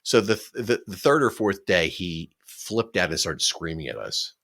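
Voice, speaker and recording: Casual podcast co-host, middle-aged man, very low voice, rambling storyteller. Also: sing-song, normal speed, gravelly, fairly bright tone. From Philadelphia. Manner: rambling, laughing storyteller with frequent restarts.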